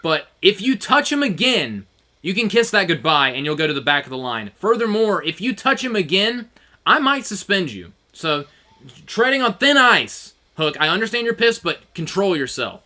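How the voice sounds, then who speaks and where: A stern wrestling general manager barks orders and scolds his unruly wrestlers, as a man puts him on. The voice sits high and bright, swinging hard between words. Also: sing-song, normal speed, exaggerated voice. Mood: scolding. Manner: commanding, scolding.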